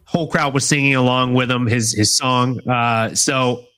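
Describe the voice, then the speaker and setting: A man's voice: medium pitch, fairly even intonation, sharp tone, clear, resonant tone, faint music behind. A man co-hosting a fan awards show, chatting casually with lots of fillers. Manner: laid-back, filler-heavy, drawn-out phrasing. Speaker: podcast co-host. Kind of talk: casual chat.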